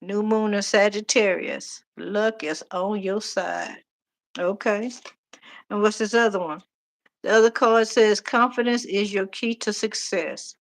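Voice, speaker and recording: Middle-aged woman, animated tarot reader on a casual live stream. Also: mid-range voice, measured pace. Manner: chatty, animated, talks to viewers directly.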